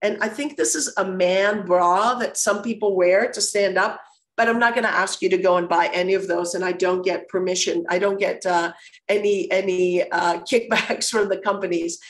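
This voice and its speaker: A woman whose first language is Greek, giving a live online webinar in an energetic, conversational way, with frequent fillers and restarts, speaking into a computer microphone on a video call. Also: mid-range voice, normal speed. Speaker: presenter of a webinar. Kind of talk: live online workshop presentation.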